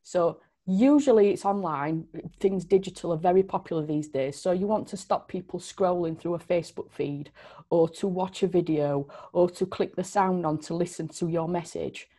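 A woman's voice: fairly low pitch, moderate pace, warm tone. A woman hosting a podcast, explaining in an earnest, emphatic way. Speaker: podcast host. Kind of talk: casual chat.

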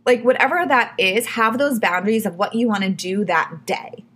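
A woman's voice: a little high, animated, normal speed, a bit bright, breathy edge. A woman hosting her own podcast, giving casual advice in a chatty way, full of "like" and "you know". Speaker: podcast host.

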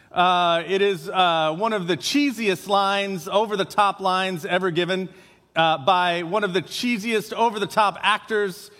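A man with a notably high voice preaches a sermon to his congregation, chatty and loose, often pausing on "uh." His voice rings out in a church sanctuary with a long, trailing reverb. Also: sharp tone. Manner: conversational, frequent filler uhs. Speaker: pastor.

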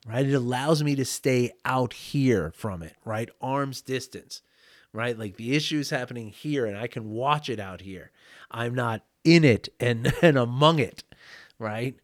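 A man's voice: mid-range voice, no echo, studio quality. A man hosting a talk show, telling a candid personal story in a reflective, rambling way with many fillers and frequent small laughs. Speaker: podcast host. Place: home.

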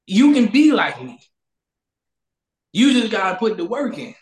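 A man's voice: sits high, animated, brisk, echoey room. A man hosting a casual talk show, speaking loosely and preachily and repeating his catchphrases. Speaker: podcast host. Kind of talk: casual chat.

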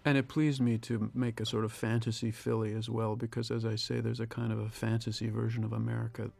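A man in his sixties, a film director giving a reflective, measured audio commentary. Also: mid-range voice, level tone, creaky, a little mellow, no echo. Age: 60s. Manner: reflective, measured, with pauses and restarts.

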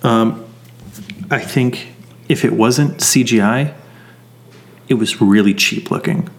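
A man's voice: medium pitch, slow pace. A man co-hosting a podcast, bluntly ranting and swearing his way through a casual movie review. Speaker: podcast co-host.

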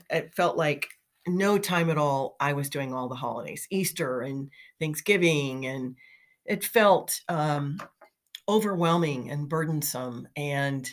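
A woman's voice: deep voice, unhurried. A middle-aged woman talking in a chatty, motivational way, telling anecdotes with fillers and light laughs. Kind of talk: casual motivational storytelling.

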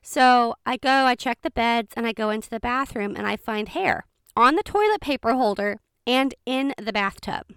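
A woman telling a personal story in a chatty, expressive way, speeding up in quick bursts. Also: on the high side, clear, resonant tone, dry recording, clean studio sound. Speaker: vlogger. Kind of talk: casual storytime.

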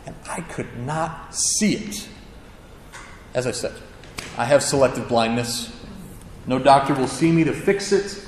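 A man's voice: mid-range voice, measured pace, long pauses, slight background noise. A man preaching a sermon, telling stories in a casual, conversational way with self-deprecating humor. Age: adult with a child. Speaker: pastor. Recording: echoey hall with long reverb.

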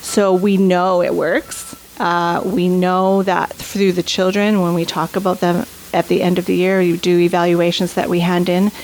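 A woman's voice: fairly low pitch, little pitch movement, normal speed, hardly any pauses, darkish tone, slight background noise, rough recording. A woman instructor for a children's empathy program, answering interview questions with enthusiasm and often tagging her points with "right?". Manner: enthusiastic, frequent "right?" tags. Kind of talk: interview guest.

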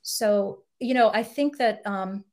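A woman's voice: medium pitch, slow pace, a little mellow. A middle-aged woman, a couples therapist, explaining ideas in a podcast interview and acting out example quotes.

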